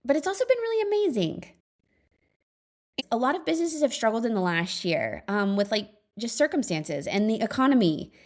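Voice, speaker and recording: A woman's voice: fairly high pitch, big pitch swings, moderate pace. A woman in her thirties hosting a podcast alone, talking in a chatty, earnest way with many fillers and frequent small laughs. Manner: reflective, earnest. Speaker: podcast host. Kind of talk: casual solo monologue.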